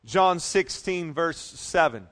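A man's voice: fairly high pitch, animated, takes it slowly, a bit bright. A male pastor preaching a sermon, reading scripture emphatically and adding casual, joking asides.

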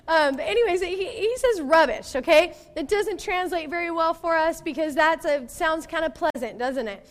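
A middle-aged woman pastor giving a sermon in a conversational, animated way, with laughs and playful asides. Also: very high-pitched, moderate pace, few pauses, long reverb tail.

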